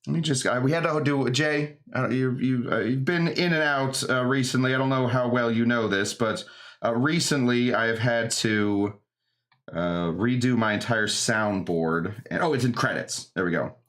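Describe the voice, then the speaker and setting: A man's voice: medium pitch, moderate pace, fairly bright tone. Rambling man hosting a live stream. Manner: rambling, filler-heavy, jokey. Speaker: host of a live cocktail show.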